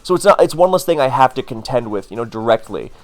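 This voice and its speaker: A man's voice: medium pitch, expressive, quick pace. A man casually commenting on his own game, rambling into wry asides with plenty of fillers. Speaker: gaming commentator.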